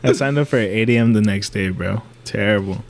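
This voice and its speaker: A man's voice: fairly low pitch, a little fast, vocal fry, background noise. A young man in his twenties co-hosting a casual chat, telling rambling stories and saying "bro" constantly. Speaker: co-host.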